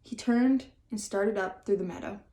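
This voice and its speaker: A woman's voice: medium pitch, moderate pace, dark tone. Woman reading a children's story aloud. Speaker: audiobook reader. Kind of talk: children's book read-aloud. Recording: roomy echo.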